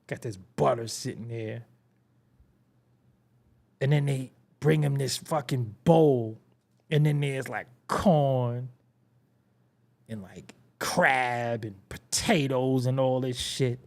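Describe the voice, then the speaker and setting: A man's voice: mid-range voice, vocal fry. A man hosting a hip-hop commentary show, ranting in a casual, profane, comedic way with frequent laughter. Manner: profane, animated, laughing often, mocking imitations.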